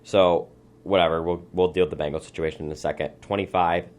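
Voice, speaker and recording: A man's voice: sits low, steady tone, fast, a little mellow. A young man hosting a casual sports talk show from a small studio, running through the picks and sign-offs. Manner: runs the segment, lists picks and sign-offs. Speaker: host.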